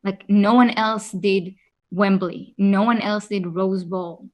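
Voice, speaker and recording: A woman co-hosting a casual podcast chat, speaking in an earnest, measured way. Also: mid-range voice, steady tone, a little mellow. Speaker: podcast co-host.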